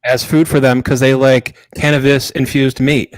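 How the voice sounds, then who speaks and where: Male podcast guest, playful joker, mid pitch, dry close recording. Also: little pitch movement, moderate pace, no echo, rough recording. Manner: playful, joking banter. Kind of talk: casual chat.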